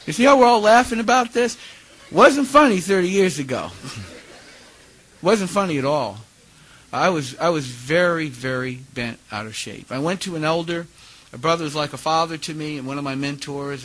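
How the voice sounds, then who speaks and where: Man, fifties, sermon, personal stories, slightly high voice, animated delivery. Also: normal speed, a little hiss or hum, rough recording. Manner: animated storytelling, rising and dropping his voice. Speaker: preacher giving a talk.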